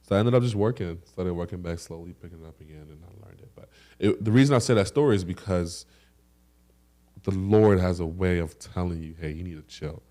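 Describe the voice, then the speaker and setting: A young man with a fairly low voice co-hosts a casual podcast. He tells stories with lots of energy and throws in sound effects to act out what happened. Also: a little fast. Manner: animated storyteller with sound effects. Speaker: podcast co-host.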